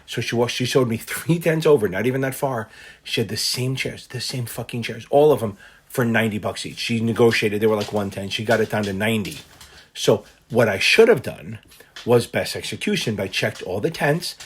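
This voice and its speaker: A man tutoring for a finance exam, explaining concepts through an animated, loosely told personal story with the odd swear word. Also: fairly low pitch, a little fast, husky. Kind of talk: casual lesson told through a personal anecdote.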